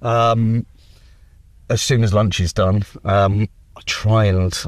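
Low-voiced man chatting at a distance. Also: takes it slowly, no room sound. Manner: chatty, relaxed, frequent ums. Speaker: club kitchen staff being interviewed. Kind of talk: casual interview chat.

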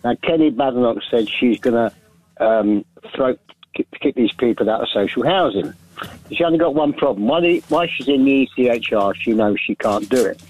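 A man's voice: mid-range voice, expressive, moderate pace, darkish tone, no room sound. A man from London calling in to a radio show, earnest and emphatic. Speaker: caller. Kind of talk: phone-in chat. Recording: dull lo-fi phone line.

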